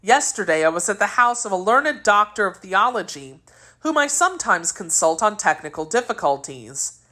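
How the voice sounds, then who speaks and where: A woman reading aloud, voicing a sly young male musketeer who tells a guarded, smooth tale. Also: medium pitch, sing-song, normal speed, sharp tone, pitched above the performer's own voice.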